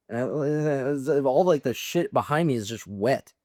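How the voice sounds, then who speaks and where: A young man in his twenties tells wild, profane stories in a loose, animated way, laughing as he goes. His voice sits at an ordinary middle pitch. The sound is close and dry, with no room around it. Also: normal speed, dry recording. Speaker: podcast guest, Marine veteran. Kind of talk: casual storytelling.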